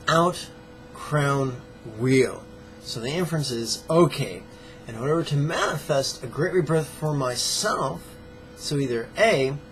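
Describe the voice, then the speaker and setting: Gravelly-voiced male meditation teacher. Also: medium pitch, low-quality recording. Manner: playful, joking, plainspoken. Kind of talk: guided meditation lesson.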